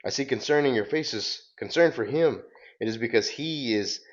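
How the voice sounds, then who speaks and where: A man's voice: mid-range voice, moderate pace, muffled recording, close to an everyday voice. A man voicing a grandiose, menacing male robot villain while reading a comic book aloud.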